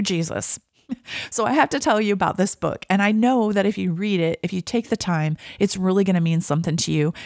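An earnest, chatty woman with a lowish voice, talking about her faith in a personal way and reading passages aloud from a book. She sounds close and dry, with no room echo around her. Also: a little mellow. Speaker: Christian vlogger.

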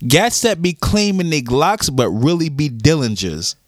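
A man's voice: fairly high pitch, big pitch swings, measured pace, no echo, studio quality. A man co-hosting a casual podcast chat who recites rap lyrics with dramatic disbelief. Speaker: podcast co-host.

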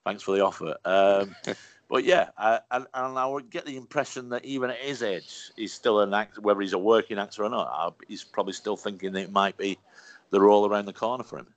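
A man's voice: on the low side, brisk, no room sound. A man, a stand-up comedian telling rambling anecdotes, swearing freely and laughing as he goes. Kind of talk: casual conversational storytelling.

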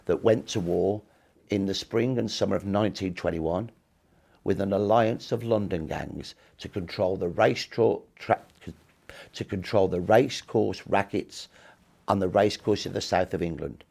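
A man's voice: low-pitched, normal speed, gravelly, a little mellow, breathy edge. A man in his sixties, a historian guest telling history in emphatic, punchy short clauses during an interview.

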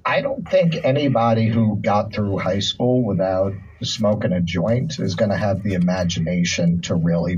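A man with a raspy voice giving blunt opinions in an interview, heard from a played clip. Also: sits low, darkish tone, lo-fi sound, a little hiss or hum.

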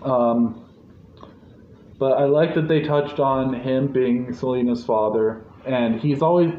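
A man in casual podcast chat about a movie, animated and laughing often as he acts out scenes. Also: medium pitch, takes it slowly. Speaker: podcast co-host. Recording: muffled echoey room with faint hiss.

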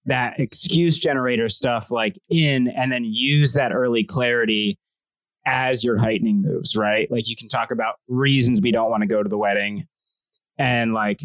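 A man's voice: medium pitch, steady tone, normal speed, a bit bright, no room sound. Guy giving sketch notes, casual, says like a lot, dry close sound. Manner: enthusiastic, loose, fillers like uh and like.

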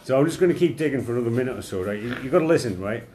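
A man's voice: mid-range voice, animated, racing, a little mellow, faint music behind. Rambling self-mocking man. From England, Durham. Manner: self-deprecating, rambling, with restarts. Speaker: podcast co-host. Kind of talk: casual sweary chat.

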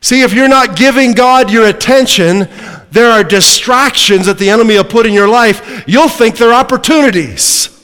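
A high-voiced male preacher gives an emphatic sermon at a moderate pace, driving his points home and putting questions to the congregation. His fairly bright, clean voice carries a long reverb, as though in a church sanctuary.

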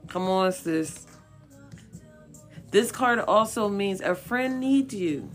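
A woman reading tarot cards for viewers in a casual way. She is blunt, profane and encouraging, and she repeats her points for emphasis. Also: on the low side. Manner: coaxing and encouraging. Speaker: tarot card reader.

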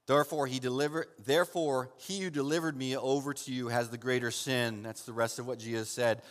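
A male pastor preaching with dramatic swings, rising to fervent loud stretches and dropping to hushed, almost whispered ones. His voice sits at an ordinary male pitch and rolls out into a long church reverb. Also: fairly even intonation, brisk. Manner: addresses listeners as "saint". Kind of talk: sermon with Bible reading.

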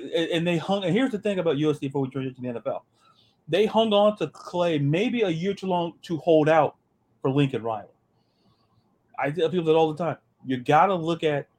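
A man hosting a sports podcast, talking in an animated, joking way and often repeating his words. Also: a little high. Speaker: podcast host. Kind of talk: casual sports chat.

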